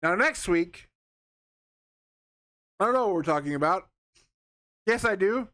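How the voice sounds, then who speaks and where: Man, young adult, casual film review, rambling, sarcastic, smooth clear voice, dry close sound. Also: sits high, animated, unhurried, fairly bright tone, no room sound. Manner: rambling, sarcastic, lots of fillers and restarts. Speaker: movie reviewer.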